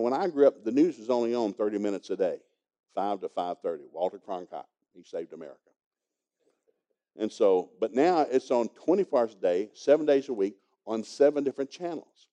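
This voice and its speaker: A man's voice: mid-range voice, warm tone, lo-fi sound. An older man preaching a sermon in a folksy, emphatic and humorous storytelling manner.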